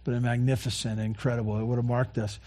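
A man preaching a sermon, earnestly repeating key phrases and moving between quiet, soft lines and louder passages. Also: mid-range voice, level tone, fast. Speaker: pastor.

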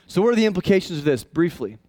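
Animated higher-voiced male pastor preaching. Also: quick pace, no room sound. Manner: conversational, animated, swings into high excited tones. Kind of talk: sermon.

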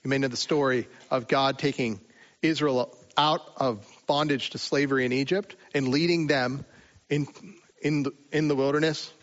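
A man preaching a sermon in a relaxed, conversational way, with rhetorical asides to the listeners. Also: mid-range voice, dull audio. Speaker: pastor.

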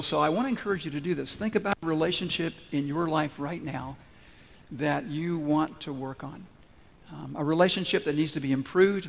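A male pastor preaching a Sunday sermon in a church, earnest and encouraging, with deliberate pauses. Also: fairly high pitch, in a large hall. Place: church sanctuary.

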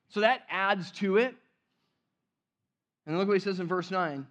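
A man preaching a sermon in a conversational way, often restarting phrases and dropping to a hushed voice for emphasis, in a church. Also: high voice, a little slow, pauses often, highs cut off. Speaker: pastor.

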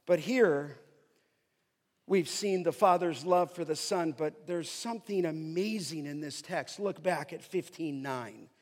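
A man preaching an expository sermon, emphatic, slowing down to stress key phrases as he reads scripture. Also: on the high side. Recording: long hall reverb.

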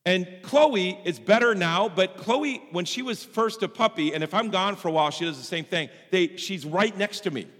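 A man pastor preaching a sermon with strong emphasis, swinging between loud and soft passages. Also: sits high, normal speed, few pauses. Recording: long hall reverb.

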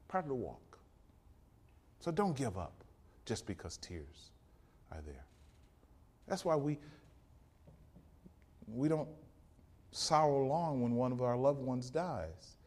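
A man preaching a rousing sermon, swinging from loud peaks to hushed passages and quoting scripture in old King James wording. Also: medium pitch.

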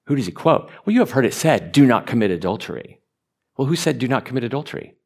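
A man preaching a sermon, animated, stumbling over repeated words and rising to emphatic peaks. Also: mid-range voice, quick pace. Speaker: pastor.

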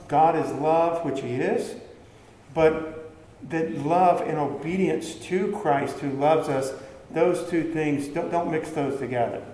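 A man's voice: a little high, a little mellow, a little hiss or hum. A man preaching a sermon in a conversational way, asking the listeners questions and answering them himself. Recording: echoey hall with faint background ambience.

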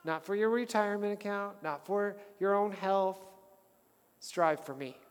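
A man preaching a sermon as a pastor, animated and calling the congregation to say lines back to him. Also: sits high, measured pace, clear, resonant tone, faint music behind. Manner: animated, calls the congregation to respond. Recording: long hall reverb.

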